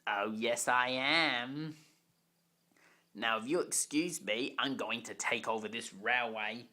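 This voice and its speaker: A reader voicing Grim Jim, a slow gloating demon engine. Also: mid-range voice, sharp tone. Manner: slow, drawn-out, mocking. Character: gloating male demon steam engine villain. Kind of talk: amateur storybook reading.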